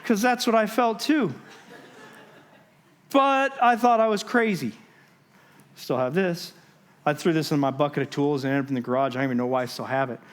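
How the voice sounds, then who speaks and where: A man's voice: on the high side, lively intonation. Storytelling man preaching a sermon. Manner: storytelling, dramatic pauses and shifts between loud and hushed. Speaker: guest speaker. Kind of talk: sermon testimony. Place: church stage.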